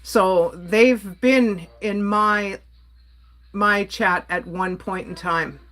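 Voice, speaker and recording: A woman's voice: mid-range voice, extremely slow, fairly bright tone. A woman from Canada ranting on a casual livestream, exasperated and blunt while she reads and answers her chat. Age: adult.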